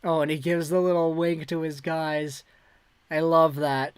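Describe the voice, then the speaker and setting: Man, hockey play-by-play, livestream commentary, high voice, dry close mic, loud bursts on big plays. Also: flat delivery, a little slow, clear, resonant tone, no room sound.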